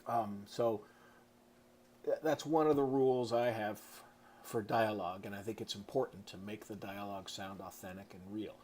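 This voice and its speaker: A middle-aged author gives a casual, chatty writing lesson to camera, throwing in playful sound effects. His fairly low voice is steady and darkish at normal speed, with slight background noise.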